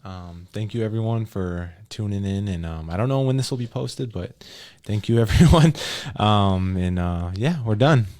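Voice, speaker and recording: A man with a lowish voice hosts a podcast in an easygoing, informal way. He hesitates with "um"s and keeps the tone relaxed as he closes the show. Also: normal speed, hardly any pauses. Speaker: podcast host. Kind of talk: casual podcast chat.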